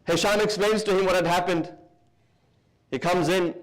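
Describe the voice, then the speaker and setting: A man from the UK with a fairly high voice preaches a sermon in a large hall. He tells his story with lively emphasis and slows down to stress key points. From United Kingdom. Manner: lively, slows for emphasis, mixes in Arabic terms.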